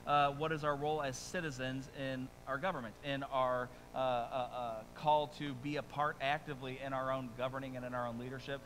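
A man preaching a sermon as pastor, conversational and animated, with quick asides and rising emphasis, speaking to a congregation in a church. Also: mid-range voice, a little hiss or hum, poor audio. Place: church sanctuary before a congregation.

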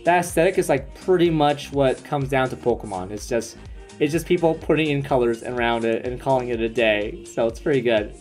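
A young man live-streaming a card pack opening, chatting excitedly with viewers and swearing casually. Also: medium pitch, faint music behind. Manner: excitable, swearing, quick asides to chat. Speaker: streamer opening trading cards.

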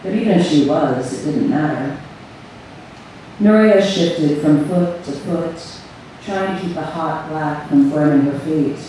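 Brief: woman reading her story live, slow and measured, captured from far off in an echoey room. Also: deep voice, mellow, slight background noise. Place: event room on a cruise ship. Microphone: far audience camera. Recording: echoey hall recorded from far off.

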